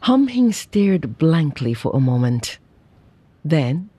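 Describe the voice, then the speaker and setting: A narrator reading a classic short story aloud in measured, unhurried storytelling. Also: medium pitch, big pitch swings, warm tone, slightly rough, dry recording. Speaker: audiobook narrator. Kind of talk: scripted narration.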